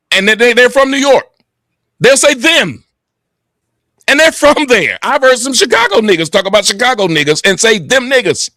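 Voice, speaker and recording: High bright voiced guy hosting a stream debate, dry close sound, keeps pushing back on people. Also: no echo. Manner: argumentative, challenging. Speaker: host of a reaction stream. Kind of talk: heated panel debate.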